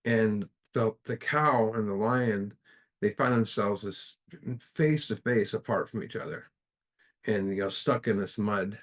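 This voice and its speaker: A middle-aged man giving a casual spiritual talk at a study group, halting and filling pauses with "you know" as he tells a parable. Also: on the low side. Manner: halting, with restarts and many fillers.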